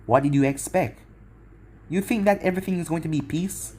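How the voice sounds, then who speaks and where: A man's voice: fairly high pitch, brisk, warm tone, slightly rough. A man doing a cold, vengeful young ninja. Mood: menacing.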